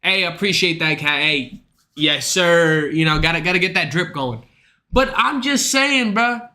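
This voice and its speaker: A man's voice: a little high, lively intonation, moderate pace, pushed and bright. A young man streaming, ranting in a casual, profane, slangy way to his chat. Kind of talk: livestream rant.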